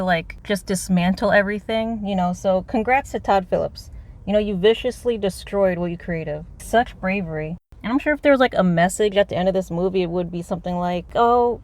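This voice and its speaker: Woman, car vlog, unscripted rant: exasperated, profane, rambling. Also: medium pitch. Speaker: movie reviewer. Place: inside a parked car.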